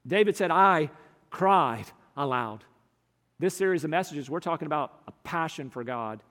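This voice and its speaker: Male pastor, high voice, earnest sermon delivery with slow stressed phrases, long hall reverb. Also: animated.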